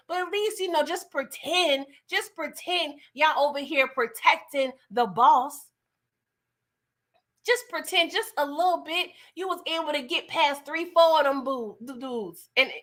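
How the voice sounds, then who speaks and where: Woman doing a tv recap stream, high bright voice, slangy aave, animated and teasing. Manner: animated, slangy, laughs and mocks. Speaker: TV recap host. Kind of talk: casual live-stream recap chat.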